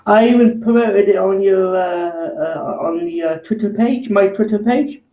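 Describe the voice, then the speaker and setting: High-voiced hesitant man, roomy echo. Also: measured pace, phone-quality sound. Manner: hesitant, many fillers and restarts. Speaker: host. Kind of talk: casual chat.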